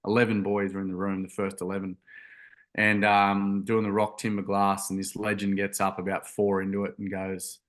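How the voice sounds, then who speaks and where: A man's voice: on the low side, little pitch movement, moderate pace, a bit bright. A young man telling a story in an interview, earnest and rambling with many ums and restarts. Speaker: guest, youth workshop founder.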